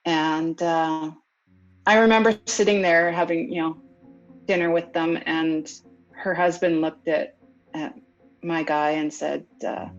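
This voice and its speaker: In a casual interview, a woman recounts events in a lively way, acting out other people's lines as she goes. Her voice sits low and unhurried, with soft background music and a dull lo-fi recording.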